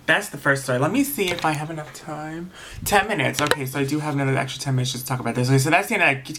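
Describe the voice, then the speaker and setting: A young man with a bright, forward voice rambles through a casual storytime, doubling back on himself as he goes. He sounds exasperated, venting more than narrating. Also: on the high side, a little hiss or hum. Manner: rambling, with frequent restarts and asides. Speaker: vlogger.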